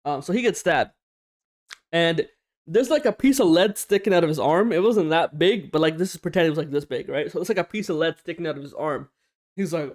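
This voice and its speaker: A young man hosting a casual storytime vlog, slangy and animated, swearing often and acting out what people said. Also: high voice, brisk. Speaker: storytime YouTuber.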